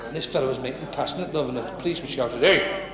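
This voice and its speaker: This man speaks very fast at a medium pitch, a Liverpool-accented comedian doing a stand-up set in a working men's club. The routine is brash banter, with plenty of back-and-forth with the crowd, recorded in an echoing hall with noise behind him.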